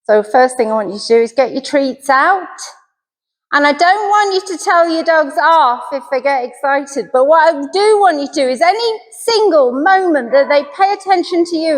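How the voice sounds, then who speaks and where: A woman's voice: high voice, expressive, moderate pace. A middle-aged woman, a dog trainer giving a chatty, self-deprecating puppy class. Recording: reverberant hall.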